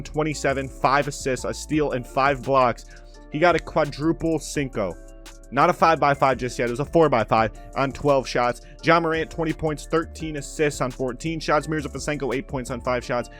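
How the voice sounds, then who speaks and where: A young man commenting on his own video game play, bursting into loud calls on made shots. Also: fairly high pitch. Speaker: gaming commentator.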